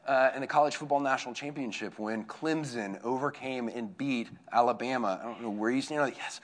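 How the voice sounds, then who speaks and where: A man, a campus minister preaching a conversational sermon, telling stories that swing from hushed to excited. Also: mid-range voice, a little fast, hardly any pauses.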